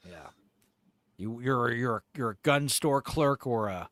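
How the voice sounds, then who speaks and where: A man's voice: medium pitch, slow, fairly bright tone, dry recording, clean studio sound. A man hosting a livestream in casual chat, jokey and profane, rambling between topics. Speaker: livestream host. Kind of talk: casual chat reacting to a video.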